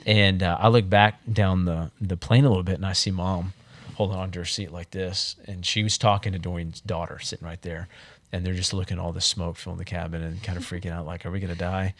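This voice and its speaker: A man's voice: low-pitched, fairly quick, no room sound. A man who is a guest on a podcast, telling a story with energy in casual conversation. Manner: animated, acts out the voices of other people.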